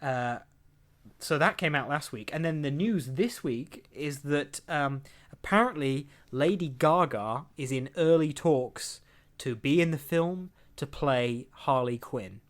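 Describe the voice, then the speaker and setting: A man's voice: a little high, slow. A young man hosting a podcast, rambling through entertainment news with lots of laughs and acted-out quotes. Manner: rambling, chatty, laughs often, acts out quotes. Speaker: podcast host. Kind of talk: casual chat, reading entertainment news.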